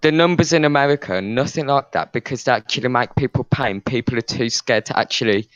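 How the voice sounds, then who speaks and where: A man's voice: mid-range voice, quick pace, smooth, no echo, highs cut off. Argumentative young British man, dry sound. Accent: British English. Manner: argumentative, rambling with restarts. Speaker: podcast co-host. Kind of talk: casual debate chat.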